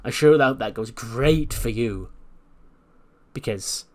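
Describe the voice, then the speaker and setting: A man's voice: mid-range voice, takes it slowly, lightly acted. A man voicing a combative, boastful female wrestler who rambles and restarts her words. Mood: scolding.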